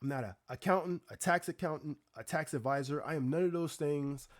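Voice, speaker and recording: A man hosting a live stream, telling a story in casual chat with animated, exasperated rhetorical asides to his viewers. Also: a little high, brisk. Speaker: livestream host.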